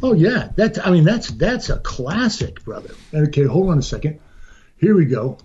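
A man guesting on a podcast in casual chat, talking fast and rambling, poking fun at himself and swearing now and then. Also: on the high side, very animated, warm tone, breathy edge, lo-fi sound. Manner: rapid, rambling and self-deprecating, with casual swearing.

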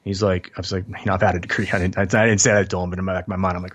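A man, a former tank officer, tells his service stories fast and with energy, slipping into the voices of the people in them. His voice sits a bit low. The sound is dull and lo-fi. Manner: animated, quotes others in his stories. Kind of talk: storytelling in a casual interview.

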